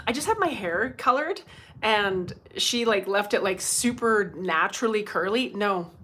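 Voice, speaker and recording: A woman's voice: mid-range voice, animated, unhurried, fairly bright tone. A middle-aged woman hosting a casual livestream as a medium, chatty and laughing often as she greets viewers by name, speaking into her phone.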